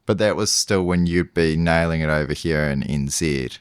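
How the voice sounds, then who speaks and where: A man's voice: rumbling low, normal speed, clear, resonant tone, no room sound, clean studio sound. A man with a New Zealand accent hosting a casual chat, easygoing and asking follow-up questions. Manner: easygoing, asks follow-ups, backchannels. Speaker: podcast host.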